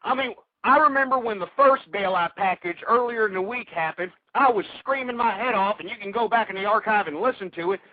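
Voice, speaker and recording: A man's voice: high-pitched, a little fast, hardly any pauses, dry recording. A man hosting a political talk radio show, ranting angrily and hurling insults at his listeners. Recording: tinny phone-like radio audio.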